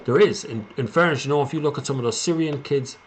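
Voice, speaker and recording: A man's voice: mid-range voice, fast talker. Irish male streamer, mid-range voice, loose rambling chat with viewers, slight hiss behind. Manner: rambling, chatty, reads viewer comments aloud. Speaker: live stream host. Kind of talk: casual live-stream Q&A chat.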